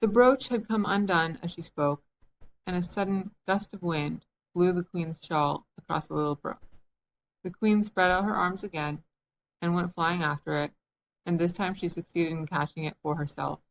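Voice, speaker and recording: A woman reads a classic children's story aloud in a lively, expressive way. Her voice sits a little low. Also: moderate pace, a little hiss or hum, poor audio. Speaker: audiobook reader. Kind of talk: storybook narration.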